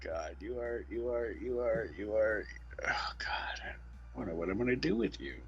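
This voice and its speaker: A man playing a video game on stream, talking in dry, deadpan, mock-weary banter. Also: on the low side, moderate pace, highs cut off, faint music behind. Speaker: let's play streamer. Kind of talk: casual gaming banter.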